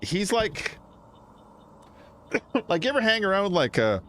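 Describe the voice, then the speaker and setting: A man's voice: sits high, sing-song, unhurried, fairly bright tone, slight background noise. A man giving casual, joking commentary while playing a game. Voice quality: joking, chatty, laughs often. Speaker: gaming streamer.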